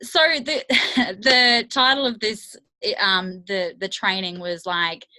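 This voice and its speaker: A woman's voice: mid-range voice, slow pace, pushed and bright, low-quality recording. A woman coaching her team on a video call, talking candidly and chattily with many fillers. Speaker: network marketing coach. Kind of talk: motivational team training call.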